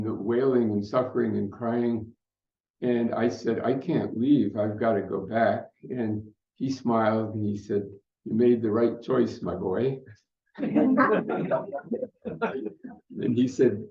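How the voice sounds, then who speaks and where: An older man speaking at a conference, telling a personal story in an unhurried, reflective way with fillers. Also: medium pitch. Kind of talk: storytelling talk. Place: conference hall. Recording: muffled roomy hall recording.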